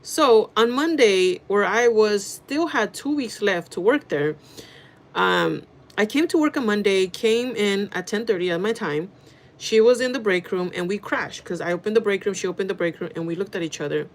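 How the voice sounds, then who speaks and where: A woman in her thirties telling a workplace story to her viewers in a casual, animated, gossiping way. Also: mid-range voice, moderate pace. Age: 30s. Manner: animated gossiping with frequent swearing and laughter. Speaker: vlogger.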